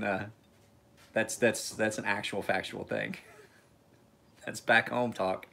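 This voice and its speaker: Man, lowish voice, casual live-stream host, rambling, laid-back, cusses, laughs easily. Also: takes it slowly, slight background noise. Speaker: knife sharpener hosting a live stream.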